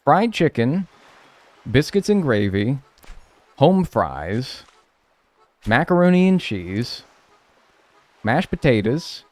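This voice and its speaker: Lively American man streaming. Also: mid-range voice, slow, long pauses, no room sound. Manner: joking banter with chat, swears freely. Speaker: streamer playing a life-sim game. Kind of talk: casual live-stream chat.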